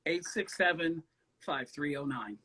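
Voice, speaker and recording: Male host, high voice, effusive, endearing with guests. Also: expressive, unhurried, bright, forceful tone, slightly rough, rough recording. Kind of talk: hosting a live-stream comedy show.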